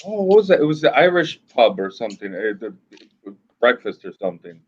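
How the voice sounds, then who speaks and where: A man recalling his travels in a casual chat, halting and listing with many fillers. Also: mid-range voice, big pitch swings, husky. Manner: halting, lists places with fillers. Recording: tinny phone-like line.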